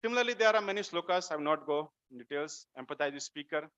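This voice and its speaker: Male temple speaker with an Indian English accent; animated scripture talk, raised and sharp-toned, captured on a muffled recording. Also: fairly high pitch, fast talker. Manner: animated, acts out quotes, asks listeners rhetorical questions. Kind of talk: devotional lecture on scripture.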